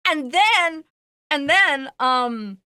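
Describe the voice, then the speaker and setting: Woman streamer, casual chat; high, bright, rambling voice with lots of fillers and laughs. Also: lively intonation, drawn-out words, no room sound. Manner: rambling, filler-heavy storytelling; laughs as she talks.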